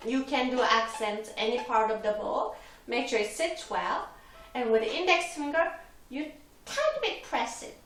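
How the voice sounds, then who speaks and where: A female violin instructor patiently explains a lesson step by step, making small slips in her wording. Her voice is a little high and a bit bright, with lively intonation at a normal speed. She's recorded from a distance, off the mic, in a roomy echo with violin playing.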